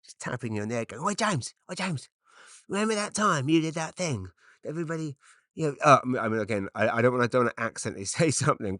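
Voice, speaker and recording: A man's voice: on the low side, bright, forceful tone, dry recording, studio quality. A middle-aged man from Britain, a comedian rambling through an unscripted solo podcast with lots of fillers and restarts, self-deprecating.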